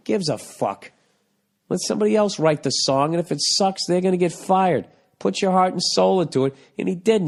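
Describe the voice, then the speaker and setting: A man's voice: fairly high pitch, darkish tone. A man in his forties from the United States, hosting a comedic podcast, ranting bluntly and profanely about a listener's letter. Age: 40s. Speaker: podcast host.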